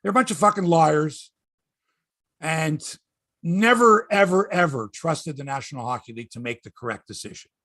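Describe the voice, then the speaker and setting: A man's voice: on the high side, animated, moderate pace, a bit bright, dry recording, clean studio sound. A man from Canada hosting a casual sports chat, profane and ranting, often repeating himself. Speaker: sports show host.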